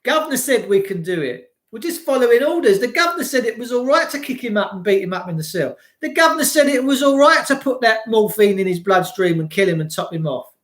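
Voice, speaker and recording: A man's voice: high voice, sing-song, fast talker, hardly any pauses, a bit bright. A man delivering an impassioned, ranting monologue, full of swearing and rhetorical questions.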